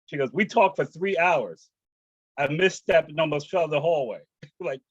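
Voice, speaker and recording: A man giving a personal story talk at a spiritual service, animated and acting out the voices he quotes. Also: fairly high pitch, moderate pace, no room sound, muffled recording. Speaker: guest speaker sharing testimony. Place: home, rooster heard outside.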